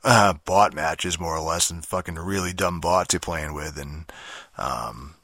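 A young man with a low, forceful voice rants about video games, swearing at every turn and rambling through fillers and false starts. The sound is dry and close, with no room around it. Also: unhurried, no room sound. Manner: profane, rambling, with many fillers and restarts. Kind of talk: casual rant monologue.

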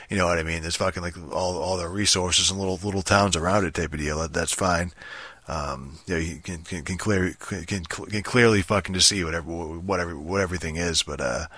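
A man's voice: sits low, pushed and bright, dry recording. A young man rambling casually about a strategy game, swearing constantly, restarting sentences and filling with ums. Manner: profane, rambling, frequent restarts and fillers.

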